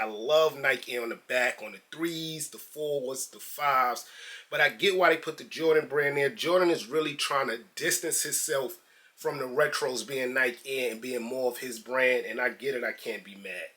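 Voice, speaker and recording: A man's voice: mid-range voice, bright, forceful tone. A man from New York doing a laid-back, slangy sneaker unboxing review and calling his viewers guys and man.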